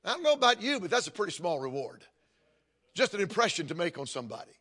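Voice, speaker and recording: An older man preaching a sermon, telling stories and building to emphatic, forceful points. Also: high-pitched, very animated, fast, breathy edge. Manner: storytelling preacher, rising to emphatic calls. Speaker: pastor.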